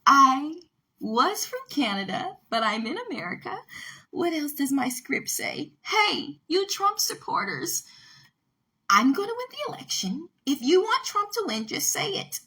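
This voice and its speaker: A woman's voice: high voice, sing-song, unhurried, sharp tone, voice pushed up, exaggerated voice. A woman doing a mocking impression of a ditzy, self-satisfied female politician, sing-song and repetitive.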